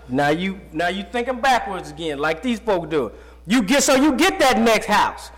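A man preaching a sermon who reads scripture slowly, then talks to the congregation in plain, folksy speech, his voice jumping up and dropping low. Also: sing-song, a bit bright. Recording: long reverb of a large hall.

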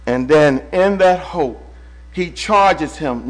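A slightly high-voiced man delivers a sermon a little slowly, moving between loud outbursts and hushed passages. He keeps calling out to the congregation as brother.

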